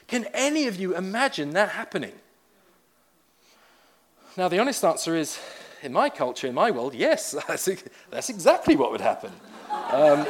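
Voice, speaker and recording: A man, a pastor telling a personal story in a conversational sermon with wry asides. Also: high voice.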